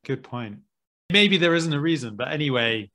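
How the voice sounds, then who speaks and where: A man's voice: a little high, lively intonation, normal speed, bright, forceful tone. A British man hosting a podcast, chatting in an easygoing way and often ending with tag questions. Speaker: podcast host. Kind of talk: casual chat.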